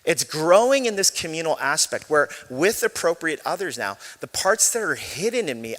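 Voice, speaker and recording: A male pastor preaching a sermon in a relaxed, conversational storytelling way, with self-deprecating jokes. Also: fairly high pitch. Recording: echoey large hall.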